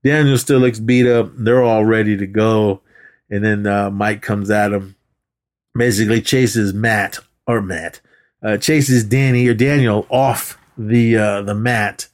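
A man co-hosting a movie podcast, retelling scenes in a casual, animated way and acting out the characters' lines with laughs. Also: lowish voice, unhurried. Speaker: podcast co-host.

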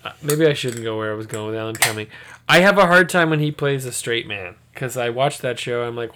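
A man's voice: medium pitch, a little fast, background noise. A man co-hosting a podcast in casual chat over drinks, joking and laughing often. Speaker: podcast co-host.

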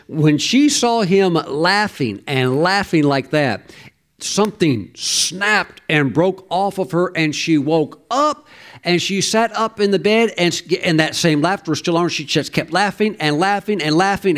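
A man's voice: a little high, expressive, moderate pace. A man preaching a sermon, emphatic, with stammered restarts and sudden exclamations.

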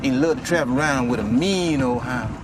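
An actor playing a soft-spoken young drifter guitarist with a Southern US drawl, in a film scene with loud outdoor noise behind him. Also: male voice, mid-range voice, brisk, natural voice. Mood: calm, earnest.

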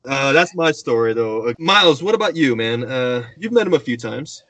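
A man's voice: mid-range voice, normal speed, no room sound. A man casually telling an anecdote, acting out the quotes of the people in it. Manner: animated storyteller, acts out quotes.

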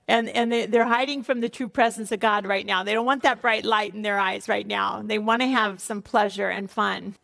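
High-voiced impassioned woman teaching scripture. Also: creaky, a bit bright, in a large hall. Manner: impassioned, acts out God crying out; drops low and quick when warning about sin. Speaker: Bible teacher. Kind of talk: sermon-style Bible teaching.

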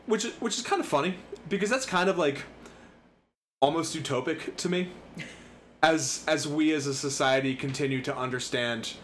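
A man's voice: on the high side, moderate pace, fairly bright tone. A man in his thirties co-hosting a podcast, chatting casually with sarcastic jokes and casual swearing. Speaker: podcast co-host. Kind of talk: casual chat. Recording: faint background noise.

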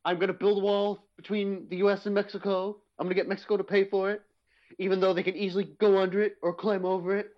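A man's voice: high-pitched, little pitch movement, fast, lo-fi sound, pitched above the performer's own voice, natural voice. A man doing an impression of a blustering male politician, boastful and whiny.

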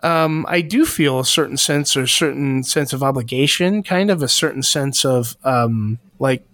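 A man's voice: mid-range voice, moderate pace, fairly bright tone, no room sound. A man co-hosting a casual podcast discussion, speaking earnestly and hunting for the right words with many restarts. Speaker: podcast co-host.

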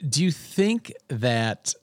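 A man's voice: medium pitch, sing-song, extremely slow, dry recording, studio quality. A man in casual conversation, telling a self-deprecating childhood story with lots of restarts.

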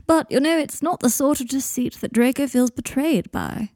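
A woman reading fan fiction aloud, voicing a languid, sly young wizard man with a slow drawl. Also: high voice, a little mellow, no echo, studio quality, voice pushed up.

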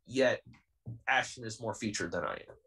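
A man's voice: fairly low pitch, moderate pace, pushed and bright, distant mic, low-quality recording. A young man in his twenties, a pro wrestler being interviewed on a podcast, talking in a heated, defiant and intense way. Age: 20s.

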